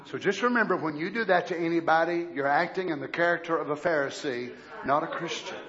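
A male preacher delivering a fiery sermon, moving from quiet explanation to shouting. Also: fairly high pitch, quick pace, lo-fi sound.

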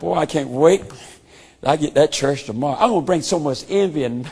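A man preaching voices a sly, boastful male devil in a lower, hushed tone. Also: a little fast, creaky, slightly rough. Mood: gloating. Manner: low, hushed, gloating.

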